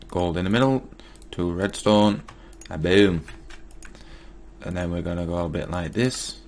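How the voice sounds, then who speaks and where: A man's voice: low voice, measured pace, a little mellow. A man giving casual Let's Play commentary, muttering to himself and getting mildly exasperated as he crafts. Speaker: gaming YouTuber.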